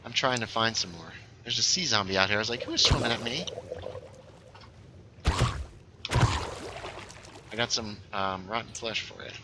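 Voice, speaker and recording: A man chatting casually with a friend while playing a video game, easygoing and quick to laugh. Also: fairly low pitch, steady tone, noisy background. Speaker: streamer playing Minecraft with a friend. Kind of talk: casual gameplay chat.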